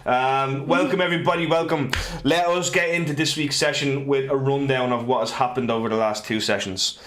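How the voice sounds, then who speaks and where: A man's voice: mid-range voice, steady tone, brisk, fairly bright tone. An Irish man in his twenties, a game master hosting a casual livestream, recapping with jokes, fillers and restarts. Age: 20s. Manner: joking, rambling, many fillers and restarts. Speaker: game master and stream host.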